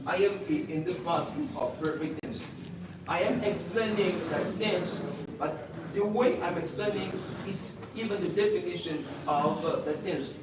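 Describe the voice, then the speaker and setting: Man posing long questions in an echoey room. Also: sits high. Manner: measured, explaining at length before asking. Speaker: audience questioner. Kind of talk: questions at a live event. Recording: echoey distant room mic with heavy noise.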